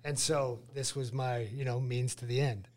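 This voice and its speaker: A man's voice: mid-range voice, moderate pace. A man in his forties from Utah, a retired fighter telling his story as a guest in a casual interview, acting out the dialogue. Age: 40s. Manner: lively storyteller who acts out dialogue.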